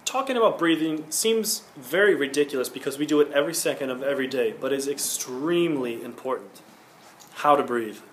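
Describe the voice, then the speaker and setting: A man's voice: medium pitch, a little hiss or hum. A young man giving an earnest singing lesson as a school project, explaining each point and now and then singing a short vowel to show it. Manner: earnest, instructive, demonstrates sung vowels. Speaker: singing teacher.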